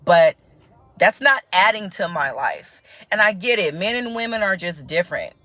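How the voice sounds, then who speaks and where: Her voice is lowish and her pace moderate as this United States vlogger talks chattily to camera. Frequent laughter and animated impressions of others mark her delivery, and the recording is dry.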